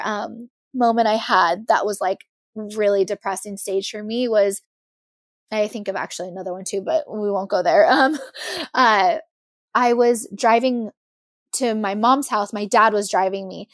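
A young woman in her twenties, a podcast guest telling her personal story in an emotional, animated way. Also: medium pitch, no echo, studio quality.

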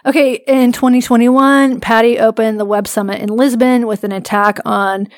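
A woman co-hosting a casual podcast, telling a story with dry wit and frequent laughs. Her voice sits a bit high for a woman. The sound is dry and close, with no room around it. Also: fairly even intonation, moderate pace, dry recording. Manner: wry, storytelling, laughs often. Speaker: podcast co-host. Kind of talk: casual chat.

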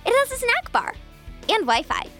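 A woman's voice: extremely high pitch, big pitch swings, moderate pace, pushed and bright, soft background music, full character voice. Woman playing Mighty Mila, a sarcastic kid. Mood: breezy. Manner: dry, sarcastic, breezy. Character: sardonic kid with secret hideout, mischievous. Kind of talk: kids' audio drama acting.

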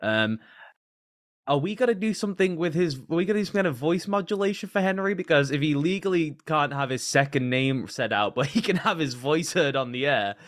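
A man co-hosting a casual sports podcast, talking in animated rants and often laughing. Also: fairly high pitch, no echo, studio quality. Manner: animated, quick to laugh and rant. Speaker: podcast co-host. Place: lives in the UK.

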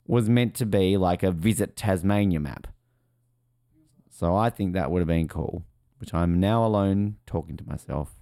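A rambling man chats through a movie commentary, his fairly low voice swooping up and down with excitement. The sound is close and dry, with no room around it. He's young, and he keeps the chat loose with frequent fillers. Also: moderate pace, dry recording. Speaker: podcast co-host.

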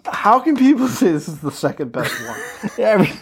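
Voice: mid-range voice, sing-song, a little fast, husky. A podcast co-host in casual chat, complaining about a horror film with swearing and exasperation. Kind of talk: casual movie review chat.

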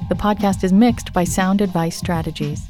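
A woman hosting a self-help podcast, talking in a gentle, reassuring, conversational way. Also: lowish voice, fairly even intonation, normal speed, faint music behind. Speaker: podcast host.

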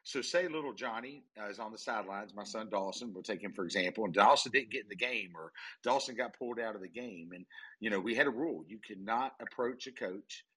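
A man with a low, husky voice and a bright, forceful edge, chatting as an investor guest. He tells stories in a relaxed, slightly amused way. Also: a little fast. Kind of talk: casual panel discussion.

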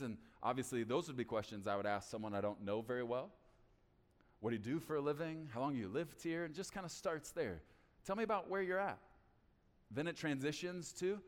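A male pastor preaching a sermon in an animated way, acting out both sides of conversations. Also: mid-range voice, big-room sound.

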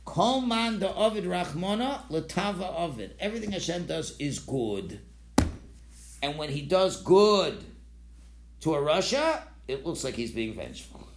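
A man leads an informal Torah philosophy class, his pitch rising and falling a lot as he acts out quoted voices. He restarts sentences often and sounds casual. The room gives his voice a clear echo. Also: very animated, measured pace, slight background noise. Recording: roomy echo.

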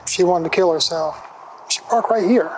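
A woman's voice: lowish voice, moderate pace, a little mellow, faint music behind, poor audio. A woman police lieutenant speaking frankly in a documentary interview.

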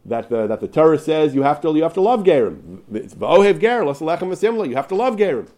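A man's voice: fairly high pitch, sing-song, fast, darkish tone. A man teaching a Torah class, reading passages aloud and explaining them with emphasis and frequent restarts. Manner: emphatic, with many restarts and repeated words.

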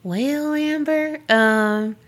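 A woman co-hosting a podcast, bantering with quick laughs and reading a listener's email aloud. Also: sits high. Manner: giggly, animated, quick banter. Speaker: podcast co-host.

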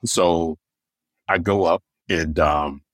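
A stand-up comedian from Michigan telling personal stories in an interview and acting out what other people said. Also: male voice, sits low, slow pace, dry recording. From Michigan, USA. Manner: animated anecdotes, acting out others' lines; deaf in one ear. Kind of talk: storytelling in a podcast interview.

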